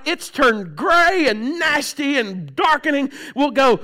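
A middle-aged man preaching a sermon, swinging from loud outbursts to hushed low tones and often clearing his throat. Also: sing-song, slow, few pauses. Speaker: pastor.

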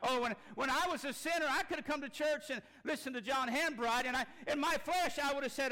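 High, bright impassioned preacher man. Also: a little fast, few pauses. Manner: impassioned, shouting at peaks, folksy. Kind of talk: sermon. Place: church sanctuary.

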